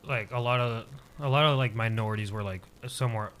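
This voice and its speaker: A man's voice: medium pitch, brisk, a bit bright, slight background noise. A man in his twenties, a podcast guest, telling a personal story casually and hesitantly, with many filler words.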